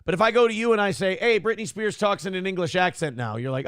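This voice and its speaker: A man's voice: high voice, fast, a bit bright, a little hiss or hum. A male morning show host giving comedic, ranting commentary, sarcastic and profane as he mocks celebrities, on a close mic.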